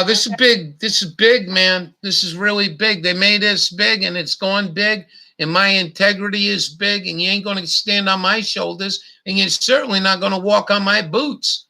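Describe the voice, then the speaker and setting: A man's voice: high-pitched, normal speed, creaky, pushed and bright. A middle-aged man hosting a livestream, talking bluntly with lots of swearing and repetition. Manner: blunt, profane, repetitive ranting. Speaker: livestream host. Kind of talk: casual livestream chat.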